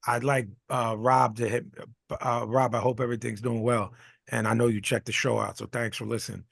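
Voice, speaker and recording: Gravelly-voiced man chatting loosely. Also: medium pitch, flat delivery, fairly quick, dry recording, clean studio sound. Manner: rambling, many restarts and fillers. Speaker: podcast co-host. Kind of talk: casual chat.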